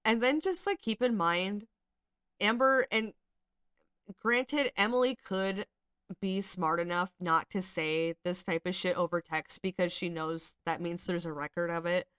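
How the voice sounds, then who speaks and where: A woman's voice: on the low side, measured pace, a bit bright, clean tone, no echo, studio quality. A woman hosting casual commentary, reading out screenshots and reacting, chatty and swearing freely with many fillers. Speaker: commentary channel host.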